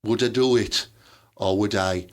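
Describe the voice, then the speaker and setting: A man's voice: on the low side, measured pace. A man with a Teesside accent co-hosting a podcast, trading crude, playful banter. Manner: bawdy, playful, swearing. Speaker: podcast co-host.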